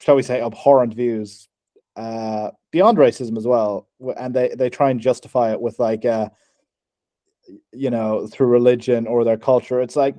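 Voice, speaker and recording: Mellow halting young man, dry sound. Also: mid-range voice, steady tone, no echo. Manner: halting, giggly, many restarts. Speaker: podcast co-host. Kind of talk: casual comedy chat.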